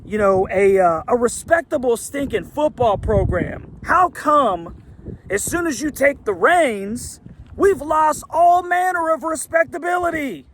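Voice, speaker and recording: A man's voice: very high-pitched, animated, unhurried, fairly bright tone, a little hiss or hum. A middle-aged man ranting in a heated, exasperated way as a sports fan commentator, firing off rhetorical questions. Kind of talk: angry fan rant.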